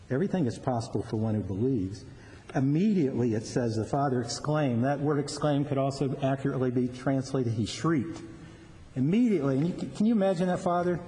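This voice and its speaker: A man's voice: mid-range voice, expressive, normal speed, dark tone. Earnest male pastor in reverb. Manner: earnest, often repeats words as he restarts. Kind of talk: sermon. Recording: long reverb with faint background noise.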